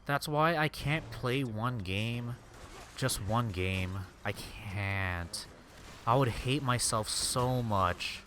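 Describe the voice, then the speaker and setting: A man's voice: mid-range voice, slow pace, noisy background. Angry swearing young man streamer. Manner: angry, profane venting. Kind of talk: casual gaming stream rant.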